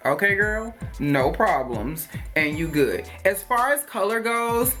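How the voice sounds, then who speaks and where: A woman's voice: mid-range voice, lively intonation, takes it slowly, few pauses, fairly bright tone. A woman reviewing hair products in a chatty, rambling way, with many fillers and playful jokes. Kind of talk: casual product review chat. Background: faint music.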